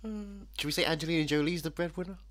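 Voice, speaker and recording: A man's voice: on the high side, fast, fairly bright tone, slight background noise. A man co-hosting a podcast in casual chat, playful and jokey. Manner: playful, jokey, sings and does bits. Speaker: podcast co-host.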